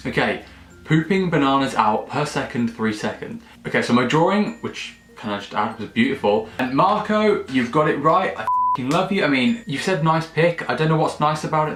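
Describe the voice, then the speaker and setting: Jokey young man vlogging. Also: mid-range voice. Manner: jokey, excitable, swears freely. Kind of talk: casual direct-to-camera chat. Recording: echoey room, faint music.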